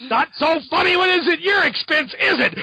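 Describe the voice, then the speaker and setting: A man voicing an angry, vengeful male superhero who taunts and shouts at his foes. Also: very high-pitched, animated, moderate pace, gravelly, no echo, voice pushed up, exaggerated voice. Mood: taunting.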